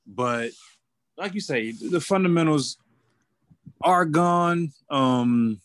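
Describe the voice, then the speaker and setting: A man talking basketball as a guest on a sports talk radio show, casual and halting. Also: fairly high pitch, fairly bright tone, no room sound. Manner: casual, halting, with many restarts and fillers.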